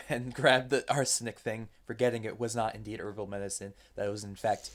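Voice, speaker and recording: A man on a comedy podcast who laughs often and riffs deadpan absurdities. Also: fairly low pitch, moderate pace. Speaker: podcast panelist. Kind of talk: casual comedic improv chat.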